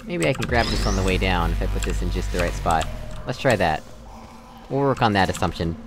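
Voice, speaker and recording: This young gamer from Texas has a low voice and speaks fairly quickly and with animation, music playing behind him. Thinking out loud through a puzzle game, he chuckles and makes self-deprecating jokes in relaxed let's-play style.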